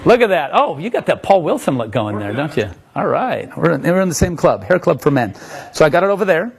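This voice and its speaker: A man's voice: a little high, sing-song, fairly quick, creaky, slightly rough. A man giving a live magic lecture, playful and joking with the audience as he demonstrates tricks.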